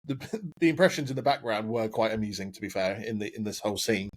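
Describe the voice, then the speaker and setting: A man's voice: lowish voice, steady tone, fast. A British man hosting a casual podcast, rambling with lots of fillers and frequent laughs. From Britain. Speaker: podcast host.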